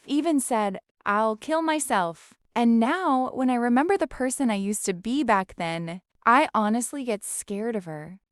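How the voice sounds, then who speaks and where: A woman's voice: medium pitch, clear, resonant tone, no room sound, clean studio sound. A woman narrating a first-person story in an emotional, confessional way.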